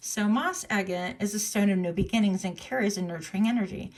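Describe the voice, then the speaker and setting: A woman does a casual tarot reading, chatty and thinking aloud with fillers and self-corrections. She talks fairly quickly in a slightly mellow voice, sometimes leaping into a high pitch to quote people.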